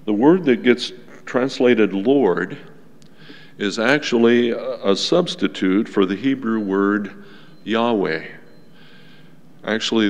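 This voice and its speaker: A male pastor preaching a sermon to his congregation in a gentle, unhurried teaching tone, with asides to the listeners. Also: on the low side. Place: church sanctuary. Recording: long church reverb.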